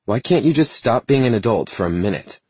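A carefree young woman who teases and coaxes without apology, as a male narrator puts her on. Her voice sits well above his own deep tone, with a husky edge. The audiobook recording is close and dry. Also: big pitch swings, brisk, dark tone, dry recording. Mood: frustrated. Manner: coaxing, unapologetic.

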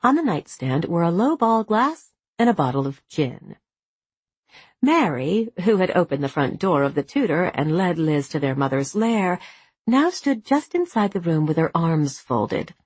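A woman narrating a novel as an audiobook, with a measured, expressive reading. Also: fairly low pitch, slightly rough, dry recording. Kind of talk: scripted narration.

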